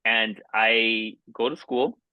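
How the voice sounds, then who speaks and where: A man in his forties from Miami, a podcast guest telling a personal story in an earnest, halting way with many restarts. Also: on the low side, fairly even intonation, clear, resonant tone, no room sound. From Miami, United States. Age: 40s. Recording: dull, dry lo-fi sound.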